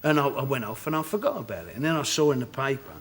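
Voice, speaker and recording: A man's voice: medium pitch, sing-song, racing, breathy edge. A middle-aged man with a Cockney accent, an actor guest on a chat show, telling stories with laughter and acted-out quotes. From England. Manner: laughing storyteller, acts out quotes.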